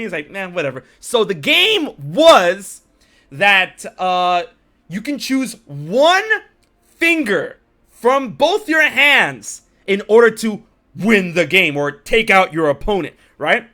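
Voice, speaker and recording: Male podcast host, bright high voice, animated storyteller who swears a lot. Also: slow pace. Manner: animated storyteller, acts out characters, swears freely. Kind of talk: casual chat, retelling anime scenes.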